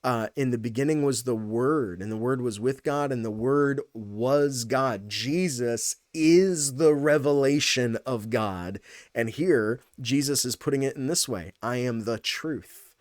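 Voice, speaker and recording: A man's voice: medium pitch, unhurried, no echo, studio quality. A man, a pastor, teaching a Bible passage in a casual video, thinking aloud with fillers and restarts.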